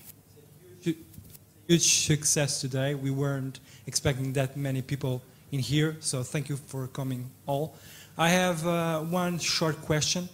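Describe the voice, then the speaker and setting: A man's voice: on the high side, fairly even intonation, measured pace, a little hiss or hum. A man in the audience at a lecture, politely thanking the speaker and hesitantly starting a question. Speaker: audience member asking a question.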